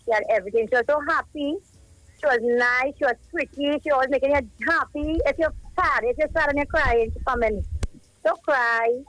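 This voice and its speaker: A woman's voice: high voice, fairly quick, fairly bright tone, no room sound. Grieving Trinidadian woman on a phone call. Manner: grieving, rambling, emotional storytelling. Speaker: caller, cousin of a child who died. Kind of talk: live radio phone call. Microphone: telephone.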